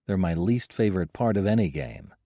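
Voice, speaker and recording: A man voicing a young male adventurer, sarcastic and joking, keeping steady in danger. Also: deep voice, brisk, dry recording, clean studio sound. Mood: wry.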